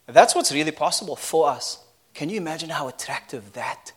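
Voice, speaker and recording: A male preacher gives a sermon in a loose, conversational style. He swings between excited outbursts and quiet reflection, and he often laughs as he talks. His voice sits a little high. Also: fairly quick, breathy edge.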